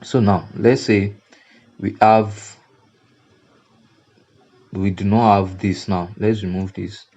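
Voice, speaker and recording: A man with a Nigerian English accent walks through a design tutorial at an unhurried pace, circling back over his words to stress each point. His voice sits low and mellow, and the recording has a dull, lo-fi sound. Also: steady tone. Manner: repetitive, emphatic teaching with fillers and restarts. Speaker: graphic design instructor. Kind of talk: screen-recorded software tutorial.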